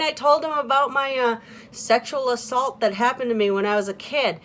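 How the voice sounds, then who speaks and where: Her voice a little high and her intonation fairly even, a woman vlogs in a candid confessional style. She pauses, restarts and uses many fillers, often letting her words trail away quietly.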